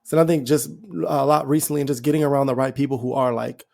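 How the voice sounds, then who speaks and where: A male podcast host in a relaxed conversation, reflective and earnest, often filling his thoughts with "you know." His voice has a strongly gravelly, fry-laden edge at a mid pitch. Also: quick pace. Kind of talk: conversational interview.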